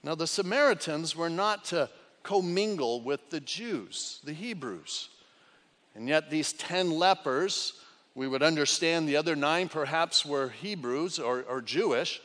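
A male pastor preaching a sermon with dramatic swings between loud cries and hushed lines. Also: on the high side, animated, unhurried. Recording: long hall reverb.

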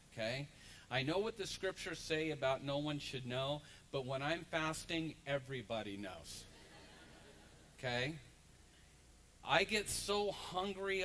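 Man pastor, bright voice, swooping pitch, unhurried storytelling sermon, faint room hum. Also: low-quality recording. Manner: animated storytelling, acts out crowd voices. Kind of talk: lively sermon. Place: church sanctuary.

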